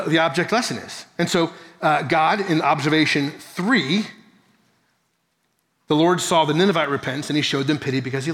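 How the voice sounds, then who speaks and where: A man's voice: on the high side, a bit bright. A man preaching a Bible-teaching sermon, earnest and explanatory, with rhetorical questions and occasional self-corrections. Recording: long reverb of a large hall.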